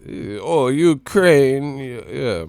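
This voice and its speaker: A man hosts a boxing channel on a live stream, talking in a profane, animated, mocking rant. His voice is gravelly with vocal fry. The sound is dry and close, with faint music underneath. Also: mid-range voice, drawn-out words, no echo.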